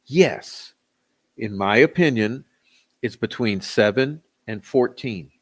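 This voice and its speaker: A man's voice: on the low side, lively intonation, slow. Sarcastic, profane man ranting. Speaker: commentary channel host. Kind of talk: ranting commentary.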